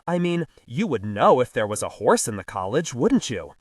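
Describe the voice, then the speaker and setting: A man's voice: medium pitch, big pitch swings, normal speed, breathy edge, no echo, studio quality, far from the mic. A man reading the part of a flustered, distracted young man who stammers and hesitates. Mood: uncertain.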